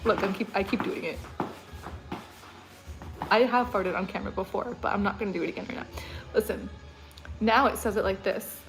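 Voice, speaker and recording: A woman's voice: medium pitch, fairly quick, pauses often, soft background music, rough recording. A woman vlogger chatting casually on a livestream, rambling and laughing often. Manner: mimics an announcer's voice.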